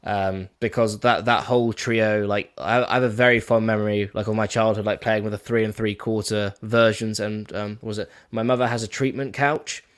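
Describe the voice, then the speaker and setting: A man's voice: lowish voice, steady tone, moderate pace, few pauses, smooth. A young man, a guest on a live stream, chatting casually and rambling with many fillers. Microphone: headset or desk mic on a video call.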